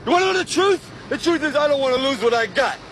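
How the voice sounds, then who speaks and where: An actor playing a champion boxer who shouts out his fear in a strained voice, heard in a film clip. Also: very high-pitched, expressive, fast talker. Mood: desperate. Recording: film clip with street noise behind.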